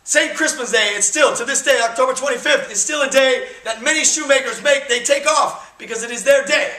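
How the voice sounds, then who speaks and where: A man with a very high, bright voice speaks briskly and forcefully as a touring actor, telling students a history story in a jokey, conversational, emphatic style. It's theatrical storytelling, caught by a distant camera in a school auditorium, so the hall sounds echoey and far away.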